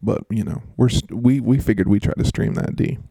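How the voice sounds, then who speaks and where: A man's voice: on the low side, brisk, creaky, mellow, dry recording. A man hosting a fantasy football podcast in a jokey, rambling casual chat. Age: adult, works as a schoolteacher. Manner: jokey and rambling, with frequent laughs.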